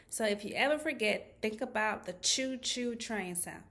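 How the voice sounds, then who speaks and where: A woman speech therapist teaching a children's lesson, modeling sounds with slow, clear, exaggerated articulation. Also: fairly high pitch, bright, forceful tone.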